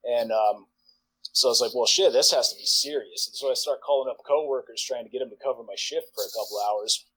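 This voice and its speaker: A man in his forties, a podcast guest, telling a long profane anecdote in a rambling way full of "like" and quick laughs. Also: mid-range voice, fairly bright tone, slightly rough, poor audio. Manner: rambling, profane, filler-heavy, laughs mid-sentence. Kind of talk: casual storytelling anecdote.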